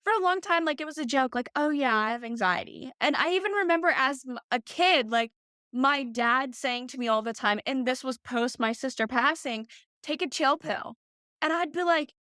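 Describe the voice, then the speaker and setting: Smooth-voiced woman in her twenties. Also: high voice, moderate pace, pushed and bright, no echo, clean studio sound. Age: 20s. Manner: open, casual, frequent "like" fillers. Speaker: guest. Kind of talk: personal storytelling in interview.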